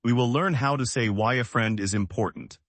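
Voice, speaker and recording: A man from the United States, teaching English in slow, simple, evenly paced sentences. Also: medium pitch, no room sound. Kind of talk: slow scripted lesson.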